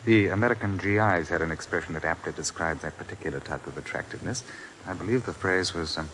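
Casting: a man doing a suave, drawling English lord, lowish voice, 1940s radio comedy. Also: fast, background noise, natural voice. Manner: languid, drawling, upper-class.

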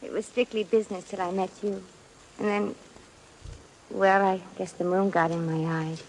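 A woman's voice: medium pitch, fairly even intonation, normal speed, darkish tone, slight background noise, natural voice, low-quality recording. An actress playing a slangy, wry American shop girl in a 1940s radio drama. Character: wisecracking American shop girl posing as a lady.

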